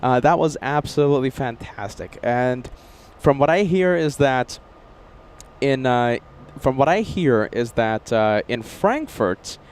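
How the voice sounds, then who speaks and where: A man's voice: medium pitch, expressive, a little slow, clear, resonant tone. An upbeat, chatty man hosting a casual livestream outdoors near an airport and reading viewer messages. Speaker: livestream host.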